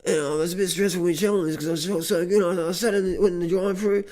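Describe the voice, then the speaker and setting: A man's voice: sits high, quick pace. An Australian man delivering a rambling comic monologue, stammering over repeated words, swearing a lot and bragging with a straight face. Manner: stammering repetitions, heavy swearing, deadpan bragging. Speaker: comic vlogger.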